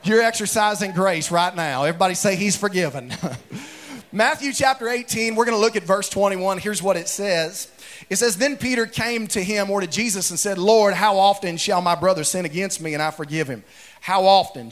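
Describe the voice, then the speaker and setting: A man preaching a sermon in a church, calling on the congregation to repeat phrases back to him. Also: high-pitched. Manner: energetic call-and-response preaching. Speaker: pastor. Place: church sanctuary.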